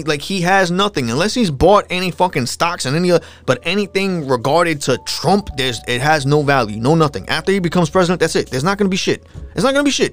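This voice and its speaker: A man hosts a solo podcast, ranting casually and animatedly with plenty of profanity while mocking people in put-on voices. His voice sits a little high, and there's no echo.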